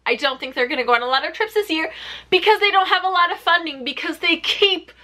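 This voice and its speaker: A woman vlogger giving a chatty, sarcastic recap of a TV show with rapid-fire questions. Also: very high-pitched, sharp tone. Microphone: camera mic.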